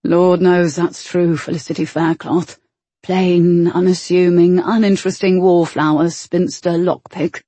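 A woman reading an audiobook, voicing a brooding man who runs a warehouse, in a low, clipped, teasing way. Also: flat delivery, a little slow, dark tone, dry recording. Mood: wry.

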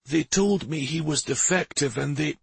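A man voicing an imprisoned, broken king who answers in a trembling, hoarse voice, in a storybook reading. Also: a little high, moderate pace, no room sound, pitched above the performer's own voice, exaggerated voice. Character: broken, starved older male king prisoner.

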